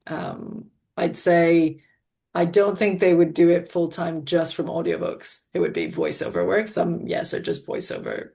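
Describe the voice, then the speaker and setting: A woman's voice: low-pitched, gravelly, warm tone. A woman publisher answering interview questions thoughtfully, often restarting and hedging her sentences. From half American, not Australian. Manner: thoughtful, with frequent restarts and hedges. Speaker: audiobook publisher.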